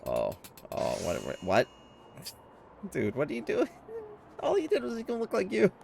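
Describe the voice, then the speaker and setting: A man streaming his reaction to a game, excitable and quick to exclaim, often laughing. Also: sits high, creaky, slight background noise. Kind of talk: casual video game reaction.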